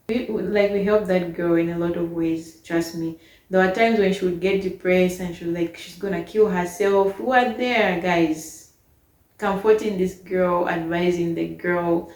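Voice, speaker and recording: A young woman casually telling a storytime about a bad housemate, animated and exasperated as she retells it. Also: fairly low pitch, echoey room.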